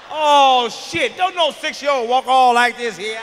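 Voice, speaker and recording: A man doing a stand-up comedy routine, blunt and profane, shouting his punchlines. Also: very high voice, unhurried. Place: live comedy stage in a large venue. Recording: live hall with long reverb, faint background noise.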